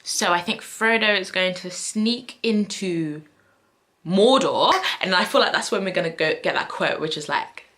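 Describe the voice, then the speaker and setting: A woman's voice: lowish voice, measured pace, a bit bright. A young woman chatting casually to camera in a vlog, rambling and thinking aloud with fillers and self-corrections. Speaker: book vlogger.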